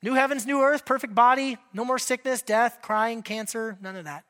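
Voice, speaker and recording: A male pastor delivers a sermon in a bright, forceful voice. He is animated and conversational, putting direct questions to his listeners and dropping in joking asides. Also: extremely high pitch, moderate pace.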